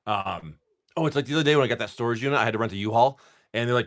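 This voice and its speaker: This card-breaking streamer talks very fast in a medium-pitched voice while opening packs. He is laid-back and profane, rambling and frequently starting over.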